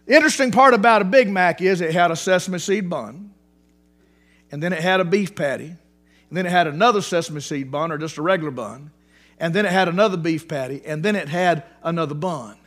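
High-voiced animated male preacher. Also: fairly quick, faint music behind. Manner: animated, repeats words for emphasis, restarts often. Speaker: pastor. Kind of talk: sermon. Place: church sanctuary.

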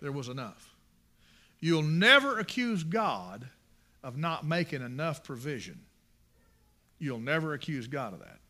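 A man's voice: a little high, sing-song, measured pace, pauses often, pushed and bright. A man preaching a sermon, impassioned and emphatic, repeating his phrases for emphasis.

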